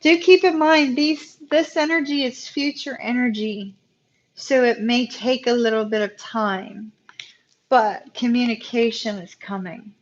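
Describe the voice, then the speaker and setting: Emotional tarot reader with a lilt. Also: female voice, a little high, unhurried, muffled recording. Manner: emotional, talks to viewers as "y'all". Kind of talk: live-stream tarot reading.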